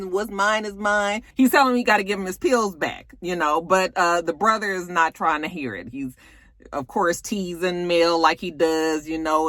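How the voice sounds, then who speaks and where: A woman's voice: lowish voice, no room sound. A young woman recapping a TV episode in a casual, slangy and profane way. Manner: animated, slangy, profane storytelling. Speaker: YouTube show reviewer.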